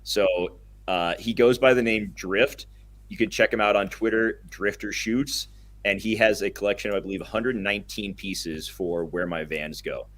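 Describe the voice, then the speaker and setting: Laid-back low-voiced young guy. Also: fairly even intonation, moderate pace, fairly bright tone. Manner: enthusiastic, rambling, laughs easily. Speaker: podcast co-host. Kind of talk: casual podcast chat.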